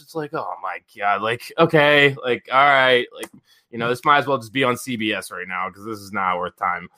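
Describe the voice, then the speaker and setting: A man in his thirties hosts a podcast with a bright, forward voice. He tells stories loosely and animatedly. He swears freely and fills his talk with casual fillers. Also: medium pitch, normal speed. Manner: animated, profane, lots of "like" fillers. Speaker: podcast host. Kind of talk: casual storytelling chat.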